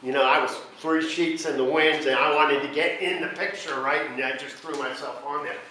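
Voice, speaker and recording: Guy telling rambling stories, bright voice, big echoey room w faint background hiss. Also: a little high, moderate pace. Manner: rambling, animated anecdotes with laughs. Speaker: house leader of a ministry. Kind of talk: casual storytelling. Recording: echoey room, mic at a distance.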